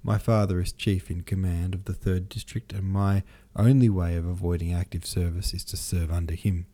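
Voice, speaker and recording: A man's voice: deep voice, level tone, normal speed, dark tone. A man reading the part of a brooding, bitter young nobleman who argues in a gloomy, cutting way.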